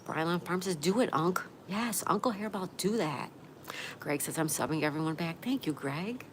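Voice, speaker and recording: A Florida woman runs a livestream, talking with her audience and reading out their chat messages in an expressive, fairly low-pitched voice at a moderate pace. Rain ambience fills the noisy background.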